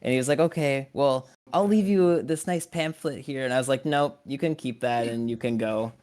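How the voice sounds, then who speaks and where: A man's voice: medium pitch, moderate pace, a little mellow. Male guest, blunt and easily amused, telling a story in casual chat. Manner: laughs often, blunt storyteller. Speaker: podcast guest.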